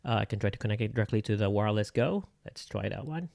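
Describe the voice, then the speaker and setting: Man, Bisaya Filipino accent, low voice, gravelly, rambling casual vlog, echoey room. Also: expressive, fast, a little mellow. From Philippines. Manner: rambling, unscripted, lots of fillers. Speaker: vlogger. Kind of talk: casual gear-testing vlog. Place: indoor room. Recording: echoey room, mic changes.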